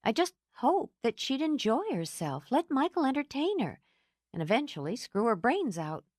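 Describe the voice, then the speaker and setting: A woman's voice: high voice, very animated, normal speed, darkish tone, dry recording, studio quality, voice pushed up. A woman voicing a bold, blunt woman friend who teases and pushes. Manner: brash, pushy.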